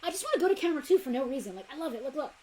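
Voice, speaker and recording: A woman's voice: high-pitched, big pitch swings, rapid-fire, a little mellow, rough recording. A woman co-hosting a toy shop's live stream, chatting casually and promoting the membership group. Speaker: co-host of a toy shop live show.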